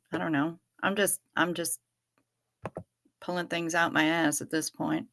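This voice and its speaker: A woman chats to her livestream viewers in an unhurried, drawn-out way. Her voice is bright and a little sharp, and the sound is dry and close. She jokes, swears and circles back through her stories as she reads comments aloud. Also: low voice, little pitch movement, no room sound. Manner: jokey and profane, musing aloud with restarts. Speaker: livestream host reading viewer chat. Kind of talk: casual chat.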